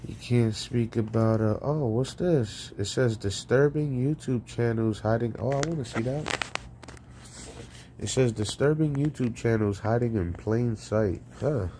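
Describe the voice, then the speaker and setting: A man's voice: on the low side, measured pace, warm tone, slight background noise. A man hosting a call-in livestream, rambling casually with profanity and frequent laughter. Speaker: call-in show host.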